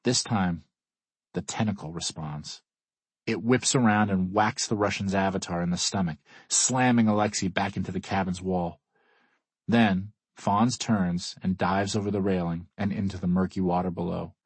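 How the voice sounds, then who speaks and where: A man's voice: low voice, fairly even intonation, moderate pace, husky, dry recording. A man reading a first-person audiobook in a wry, dry way. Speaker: audiobook narrator. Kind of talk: scripted first-person narration.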